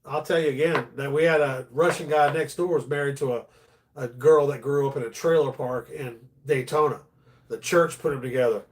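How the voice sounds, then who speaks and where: A man hosting a live stream, telling stories in a loose, animated way and swearing casually. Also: medium pitch, fairly quick, a little hiss or hum. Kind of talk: casual storytelling chat.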